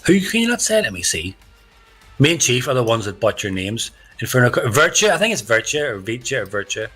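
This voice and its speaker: A man doing excitable, chatty, joking commentary on a live sim racing stream. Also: mid-range voice, a little fast, husky, faint music behind. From Ireland. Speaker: race commentator. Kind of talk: live esports race commentary.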